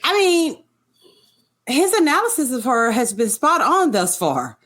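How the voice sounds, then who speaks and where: A woman's voice: high-pitched, sing-song, measured pace, a bit bright. A woman co-hosting a podcast, giving blunt, incredulous commentary on a reality show. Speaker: podcast co-host. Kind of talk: casual chat, reacting to a reality show.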